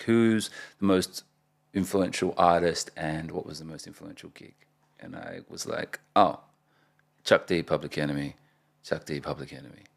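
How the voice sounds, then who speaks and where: A man in his forties, a rapper guest in a casual interview, telling animated stories and laughing often. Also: low voice, creaky. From Australia (Perth).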